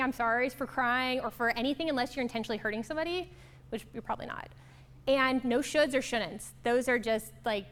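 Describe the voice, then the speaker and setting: A woman's voice: a little high, a bit bright. A woman facilitating a workshop, upbeat and affirming as she draws answers from the group. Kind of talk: interactive workshop talk.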